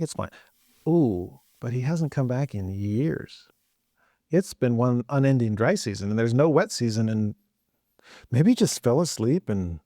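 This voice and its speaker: Give me a man teaching scripture in a casual, humorous, animated way, with a mellow voice and dry sound. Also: mid-range voice, no room sound. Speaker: scripture teacher and podcast host.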